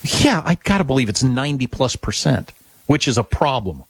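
A man's voice: medium pitch, big pitch swings, normal speed, slightly rough, no echo. A man co-hosting talk radio in casual chat, blunt and opinionated.

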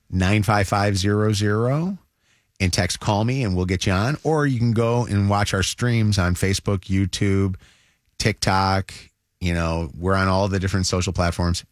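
A man's voice: on the low side, no echo, clean studio sound. A man hosting a morning radio show, chatting casually and giving listeners ways to call in. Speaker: radio host.

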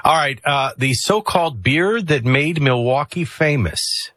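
A male morning radio host with a bright, forceful voice that has a husky edge. He talks breezily and drops wry asides in an announcer's sing-song rhythm. He is close to a dry studio microphone. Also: fairly high pitch, animated, unhurried, no echo. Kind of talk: casual radio chat and sports rundown.

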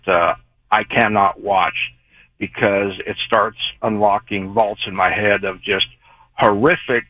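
Man, radio caller, low pitch, forceful tone, rambling, earnest storyteller. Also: no echo, lo-fi sound. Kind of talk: call-in storytelling.

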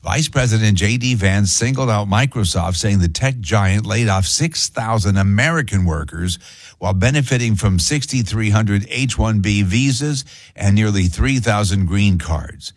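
A man's voice: on the low side, animated, normal speed, no echo, studio quality. A man hosting a talk radio show, speaking emphatically with rhetorical questions.

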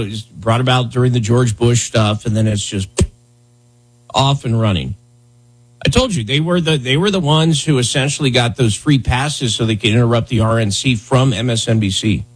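Blunt husky-voiced male commentator. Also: mid-range voice, rough recording. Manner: blunt, heated, repeats himself. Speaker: political commentary host. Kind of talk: casual political commentary.

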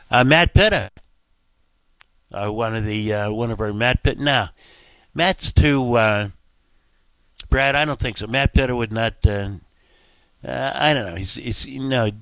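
A man's voice: lowish voice, unhurried, pauses often, fairly bright tone, no echo. A man hosting a casual talk radio show, rambling through fillers and asides at a studio microphone.

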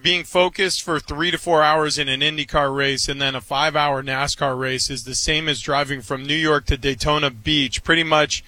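A man's voice: a little high, fairly even intonation, moderate pace, hardly any pauses, bright, forceful tone, no echo, poor audio. A man co-hosting a sports talk show, speaking casually in an earnest, emphatic way.

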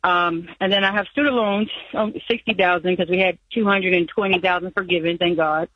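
A woman's voice: on the low side, steady tone, a little fast, no room sound. Woman caller, anxious, rambling, muffled phone line, dry sound. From San Diego. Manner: anxious, rambling, nervous laughs. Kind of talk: phone-in call.

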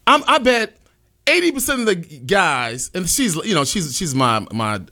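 A man hosts a relaxed talk show in a bright, forceful voice. His pitch runs high and swings widely as he jokes. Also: unhurried. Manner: animated, playful, gives shout-outs. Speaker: host. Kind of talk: casual chat.

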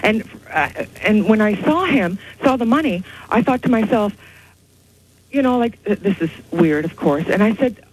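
A woman calling in to a radio talk show, telling a rambling, excited story. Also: medium pitch, normal speed, husky, rough recording. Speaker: caller. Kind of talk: call-in radio chat.

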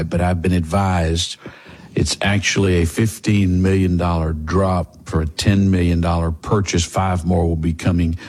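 A man's voice: sits low, darkish tone, husky. A man hosting political talk, giving combative, sarcastic commentary.

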